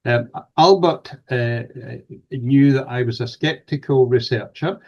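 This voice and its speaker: A man's voice: medium pitch, measured pace, darkish tone. A man with a Scottish accent, a paranormal researcher guest telling stories in an interview, hesitant with many fillers. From Scotland. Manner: hesitant, many fillers, acts out quoted voices. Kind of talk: storytelling interview. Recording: dull lo-fi sound.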